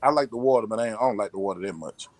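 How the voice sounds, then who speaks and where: Very fast and lowish in pitch, a man hosting a casual podcast tells loose, rambling stories laced with profanity. His animated delivery is full of restarts, recorded with no room sound.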